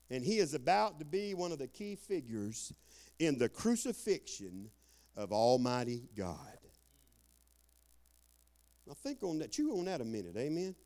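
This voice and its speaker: An older man preaches a sermon in a homespun, folksy way. He keeps calling out for amens. He swings from shouted bursts down to low, quiet asides. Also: big pitch swings, normal speed. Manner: folksy Southern preaching, calls for amen, swings loud and soft.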